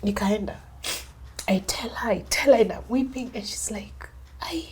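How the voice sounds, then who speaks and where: A woman's voice: mid-range voice, normal speed, a little mellow, husky, in a whisper. A young Kenyan woman with a Kenyan accent, recounting a personal story as an interview guest and switching between English and Swahili. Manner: mixes English and Swahili, acts out others' lines.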